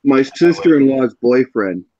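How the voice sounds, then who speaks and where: A man in casual chat, telling an animated anecdote with a chuckle. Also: medium pitch, measured pace. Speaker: podcast host. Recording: dull lo-fi audio.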